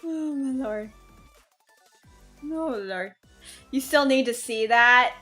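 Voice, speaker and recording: A woman streamer chatting casually on a live stream, excitable, swearing and loudly scolding her chat. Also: high voice, slow, soft background music.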